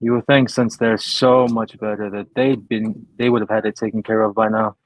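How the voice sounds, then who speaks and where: A man voicing a brash adventurer who mocks the people around him in a loud, sarcastic way. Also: lowish voice, flat delivery, moderate pace, dry recording, close to an everyday voice, low-quality recording. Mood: mocking.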